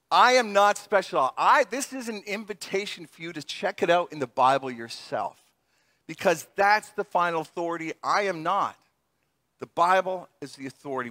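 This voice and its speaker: A middle-aged male pastor preaching an animated sermon, laughing often and acting out the voices in his stories. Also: high-pitched, no echo.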